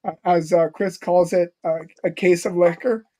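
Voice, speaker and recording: A man's voice: sits high, steady tone, moderate pace, warm tone. A man hosting a podcast, telling stories in casual, rambling chat. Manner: rambling storyteller with many fillers and restarts. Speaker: podcast host.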